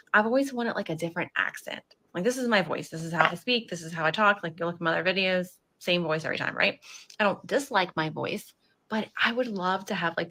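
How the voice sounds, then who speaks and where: A woman's voice: lowish voice, sharp tone. A woman vlogger talking casually to her viewers, rambling and chatty as she asks them questions. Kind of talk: casual talk to camera.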